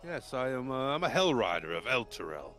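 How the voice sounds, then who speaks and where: A man's voice: medium pitch, sing-song, brisk, fairly bright tone, soft background music. A man voicing a glum young female knight in a tabletop game, talking in a hesitant, casual way.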